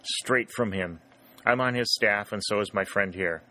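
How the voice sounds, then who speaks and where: A man voicing a gentle, lively young cavalry scout. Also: lowish voice, measured pace. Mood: amused. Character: young cheerful male Confederate scout.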